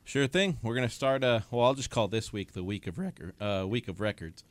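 A man co-hosting a fishing radio show, telling a catch story with lively acted-out dialogue from a studio. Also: medium pitch, fairly quick, no echo. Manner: animated storyteller, acts out phone dialogue. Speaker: fishing report co-host. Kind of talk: casual radio talk.

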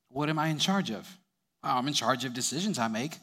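A man's voice: medium pitch, fairly quick, fairly bright tone. A young adult man preaching a sermon, telling stories and chuckling between sentences.

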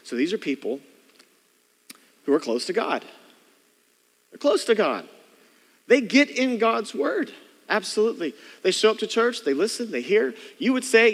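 High-voiced male pastor in an echoing church. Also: big pitch swings, fairly quick. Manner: conversational preaching, mimics churchgoers' inner thoughts. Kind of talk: sermon. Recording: long hall reverb.

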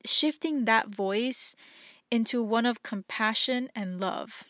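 A woman's voice: fairly high pitch, slow, fairly bright tone, dry recording, studio quality. A young woman hosting a reflective solo podcast, talking in an earnest, encouraging way and acting out the voices in her head. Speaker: podcast host.

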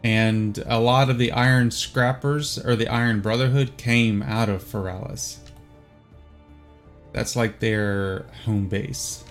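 A man with a Southern US accent runs a tabletop game in a laid-back, unhurried way, pausing often as he narrates. His voice sits in a middle range, with faint music playing behind him. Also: medium pitch. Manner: relaxed and easygoing, full of "uh" and "um" pauses. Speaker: game master.

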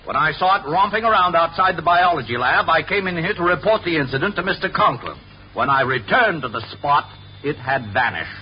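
A man's voice: on the high side, lively intonation, brisk, lightly acted. An actor playing a stern, pompous male school principal in a 1950s radio sitcom, blustery and commanding. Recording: dull old radio recording with hiss.

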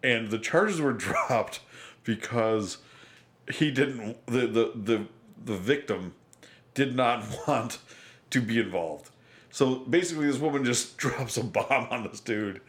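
A man in the middle pitch range co-hosts a podcast. He talks loosely and swears freely. He keeps breaking into laughs. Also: slow, a bit bright. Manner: profane, laughs often. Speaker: podcast co-host. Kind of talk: casual chat.

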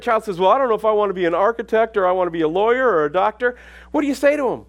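Emphatic higher-voiced male preacher. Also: animated, rapid-fire. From Minneapolis. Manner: emphatic, repetitive, rises to loud preaching. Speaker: pastor. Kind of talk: sermon with personal storytelling.

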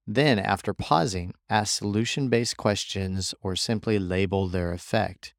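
A man hosting a solo podcast, explaining ideas and reading quotes from a book aloud, sometimes slowing down and deepening his voice on purpose. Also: creaky, no room sound, clean studio sound. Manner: deliberately deepens and slows his voice. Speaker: podcast host.

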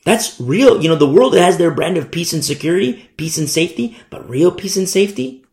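Fervent guy preaching, gravelly voice, kinda high, echoey room. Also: animated, brisk. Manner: fervent, swings between loud emphasis and hushed asides. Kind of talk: sermon.

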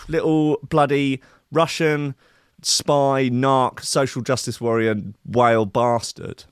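A man's voice: medium pitch, little pitch movement, slow, smooth, no echo, clean studio sound. Sweary man ranting. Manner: sweary, sardonic, mock-outraged. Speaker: radio show host. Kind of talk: comic rant reading news.

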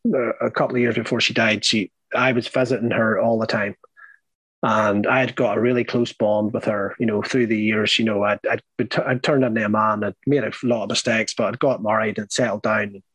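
A man's voice: on the low side, fairly bright tone, breathy edge, no echo, rough recording. A middle-aged man with a Northern Irish accent telling his life story in a rambling, candid way, full of fillers and blunt swearing. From Northern Ireland.

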